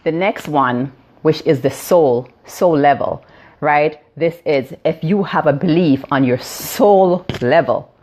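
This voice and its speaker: Low-voiced Jamaican woman in her fifties. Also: slow, darkish tone. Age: 50s. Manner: explanatory, many fillers and "right?" check-ins. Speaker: theta healing practitioner. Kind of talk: live-stream teaching talk.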